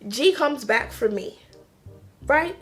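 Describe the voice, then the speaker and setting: Speaking slowly to camera, a woman casually tells a personal story with plenty of animation. She acts out quotes in a higher voice and laughs between lines, with soft music playing in the background.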